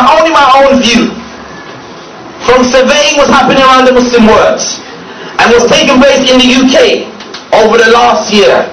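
A man giving a mocking talk to a gathering, sarcastic and emphatic, often laughing and at times shouting. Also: high voice. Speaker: speaker addressing a gathering. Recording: distant echoey hall recording with noise.

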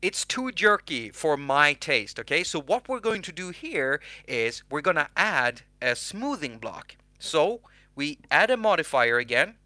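Guy doing a chill software tutorial, kinda high bright voice, jokey and self-mocking. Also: no echo. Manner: joking, self-mocking, chatty. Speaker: host.

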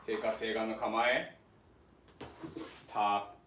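A man with a Japanese accent leads a livestreamed sword lesson from home. He talks haltingly, with many fillers, coaching and reassuring his students. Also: fairly low pitch, flat delivery, background noise. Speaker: sword instructor.

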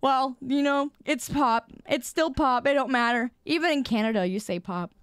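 A woman's voice: high-pitched, moderate pace, smooth, dry recording, studio quality. A young adult woman live streamer in casual gaming chat, playfully teasing her viewers.

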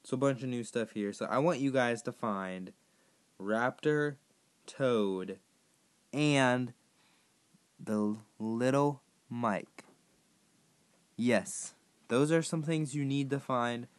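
A hoarse man who has partly lost his voice, chatting casually to viewers as he plays a game and sets tasks for them. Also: mid-range voice, slow pace, long pauses. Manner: rambling, chatty, addressing viewers directly. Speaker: gaming YouTuber. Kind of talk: casual gameplay commentary.

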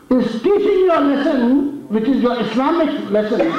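High-voiced Indian preacher in echoey hall. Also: male voice, a little fast. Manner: dramatic storytelling, acting out challenges in a raised voice. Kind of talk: sermon. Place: mosque hall. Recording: echoey hall, distant mic, dull sound.

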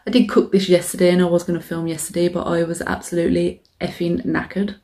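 On her eating show, a young mukbang vlogger chats in a casual, sweary, self-mocking way while she eats on camera. She talks fast in a fairly low, warm voice with a level tone.

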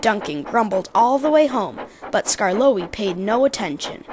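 A woman narrating a children's railway storybook in an even, gentle storytelling manner. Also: medium pitch, moderate pace, background noise. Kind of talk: storybook reading.

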